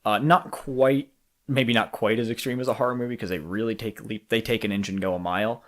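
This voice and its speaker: A man's voice: medium pitch, fairly quick. A man co-hosting a podcast in casual chat, talking through his opinions with restarts and the odd swear word. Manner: animated, profane, talks through thoughts with restarts. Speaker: podcast co-host.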